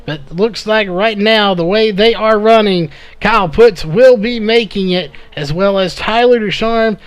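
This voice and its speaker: High-voiced, slightly hoarse race commentator. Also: male voice. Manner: rapid play-by-play with frequent "uh" fillers. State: slightly hoarse, losing his voice. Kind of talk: live race play-by-play commentary.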